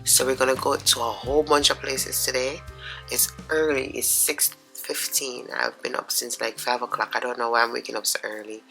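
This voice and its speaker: A middle-aged woman with a Jamaican accent chatting to camera in her home office, hoarse and raspy from being sick, chatty and talking to herself in asides. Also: rumbling low, level tone, moderate pace, sharp tone, faint music behind, low-quality recording. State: hoarse, sick with sore throat. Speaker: vlogger. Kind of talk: casual vlog chat to camera.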